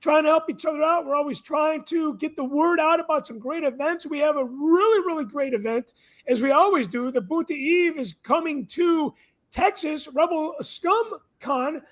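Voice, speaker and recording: A man hosting a casual live-stream chat show, excitable and swearing freely. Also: very high voice, moderate pace. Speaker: host.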